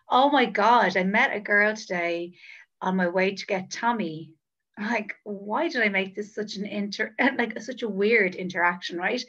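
Woman, podcast co-host, bright, laughing storyteller, slightly muffled sound. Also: medium pitch. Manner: animated storyteller, laughs often. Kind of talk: casual podcast chat.

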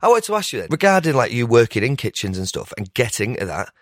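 A man hosting a casual conversation, animated and jokey as he asks questions. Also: mid-range voice, no room sound, studio quality. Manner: animated, fast-talking, jokey. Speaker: podcast host.

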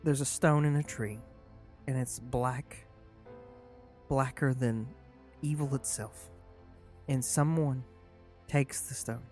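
A man voicing an urgent high elf man who speaks in a formal, solemn way. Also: steady tone, takes it slowly, long pauses, a little mellow, soft background music, lightly acted. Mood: awed. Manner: solemn and formal, turning frantic.

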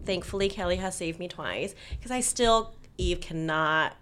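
A woman's voice: lowish voice, unhurried, noisy background. A woman from California with a Californian accent, chatting casually and enthusiastically, laughing often. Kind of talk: casual chat.

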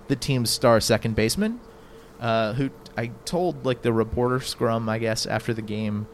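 A man hosting a casual talk show, speaking in an animated, exasperated way that jumps high in pitch when incredulous. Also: normal speed, slight background noise. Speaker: podcast host. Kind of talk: casual chat.

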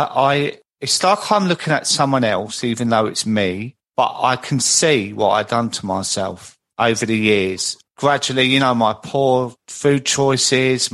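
A man's voice: mid-range voice, fairly bright tone. A man hosting a podcast interview, empathetic and encouraging as he shares his own story. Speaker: podcast host. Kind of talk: interview conversation.

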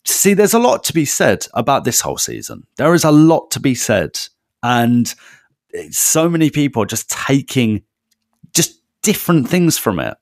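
A man's voice: mid-range voice, moderate pace, no room sound, studio quality. A man co-hosting a casual podcast, reading out listener comments and chatting with his co-host. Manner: animated, reads out listener comments.

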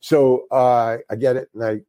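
A man's voice: mid-range voice, little pitch movement, normal speed, warm tone, no echo. An older man, a guest actor, telling a casual anecdote in a rambling way, with restarts and casual slang.

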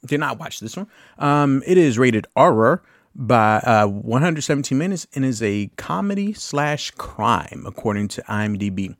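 Speaking at normal speed in an animated mid-range voice, this podcast host in his late thirties chats casually about a film, throwing in loose asides and an occasional curse. The studio-quality recording has no room sound.

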